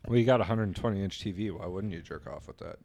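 A man on a casual comedy podcast, firing off quick sarcastic quips. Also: low-pitched, vocal fry, darkish tone, no echo.

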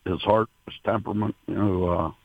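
A man, a racehorse owner, being interviewed over the phone, talking in a halting way with many fillers and restarts, emotional. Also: deep voice, fairly even intonation, creaky, no echo. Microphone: telephone. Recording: tinny phone line.

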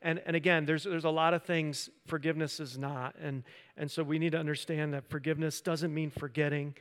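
A middle-aged male pastor giving a conversational sermon, telling stories with frequent restarts and dropping to a hush at the dramatic moments. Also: fairly high pitch, flat delivery, brisk.

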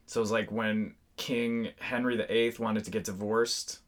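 A man's voice: lowish voice, little pitch movement, normal speed. A man co-hosting a podcast, musing and rambling in casual conversation with many fillers. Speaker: podcast co-host. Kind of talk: casual chat.

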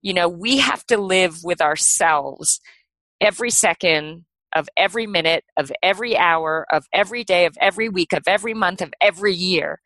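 Bright-voiced woman telling her story. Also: lowish voice, normal speed, no echo, rough recording. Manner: animated, laughing, lots of "like" and "you know". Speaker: podcast guest. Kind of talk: casual storytelling.

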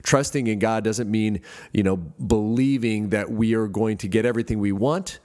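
A man's voice: fairly low pitch, steady tone, normal speed, a little mellow. A middle-aged man from the United States preaching a sermon as pastor, earnest, with frequent fillers and restarts. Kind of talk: podcast sermon.

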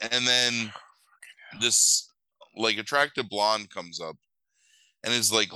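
A man's voice: fairly low pitch, fairly even intonation, takes it slowly, long pauses, sharp tone, clean tone, no room sound, low-quality recording. A man who is sick with a cold, recapping a film in casual, profane chat, rambling and correcting himself as he goes. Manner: rambling, crude, self-correcting retelling. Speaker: podcast co-host recapping a film.

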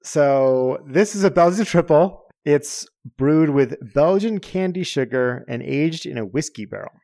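A man co-hosting a casual podcast, relaxed and joking as he describes a beer. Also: fairly high pitch, a little slow, gravelly, no echo. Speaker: podcast co-host.

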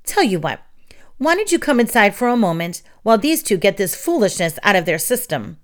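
A woman's voice: medium pitch, big pitch swings, brisk, lightly acted. Woman voicing an old elder witch, kindly, firm, grandmotherly. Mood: soothing.

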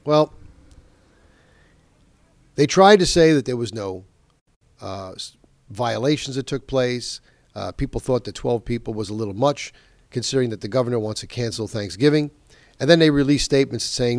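A man's voice: mid-range voice, normal speed, pauses often, dry recording, studio quality. A man hosting a political talk show, speaking in an emphatic, indignant monologue and leaning hard on key words. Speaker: talk radio host.

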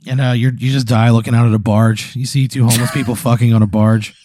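A man's voice: mid-range voice, little pitch movement, fast talker, mellow, no room sound, clean studio sound. A man hosting a comedy podcast, telling a long absurd hypothetical story full of acted quotes and frequent laughs.

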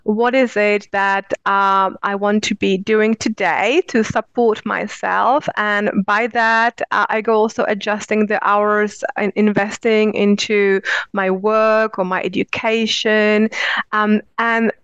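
A woman's voice: medium pitch, level tone, slow, a bit bright, clean tone, dry recording, lo-fi sound. A woman giving earnest, flowing answers as an interview guest who teaches spiritual practice.

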